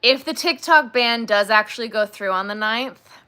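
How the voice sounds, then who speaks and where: A woman with a bright, clear voice hosts a casual crochet livestream. She rambles from topic to topic, filling her talk with "like" and "um" and gushing over things she enjoys. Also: fairly high pitch, normal speed. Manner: rambling, chatty, gushing, says "like" and "um" often.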